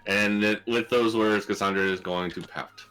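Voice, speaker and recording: A man's voice: fairly low pitch, fairly even intonation, moderate pace, fairly bright tone, soft background music, rough recording. A man playing in a tabletop role-playing game, blunt and joking as he describes his character. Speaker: player. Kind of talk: casual chat at a tabletop game.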